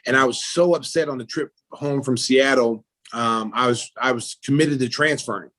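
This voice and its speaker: A middle-aged American man, a former basketball player turned announcer, telling stories in a casual interview and acting out the people in them. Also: moderate pace. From United States. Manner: animated storyteller, acts out quoted people with jumps in pitch and loudness.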